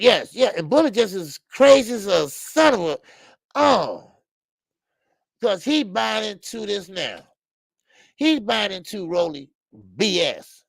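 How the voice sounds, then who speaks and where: A man's voice: a little high, vocal fry, dry recording. Heated male boxing show host. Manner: heated, animated, repetitive fillers. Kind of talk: casual opinionated commentary.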